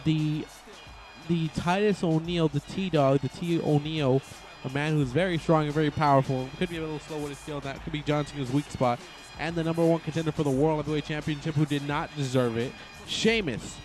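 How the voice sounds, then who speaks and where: A man's voice: fairly high pitch, a little fast. Rambling man calling wrestling over game music. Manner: rambling, excitable, self-correcting. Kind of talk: casual play-by-play commentary over a video game.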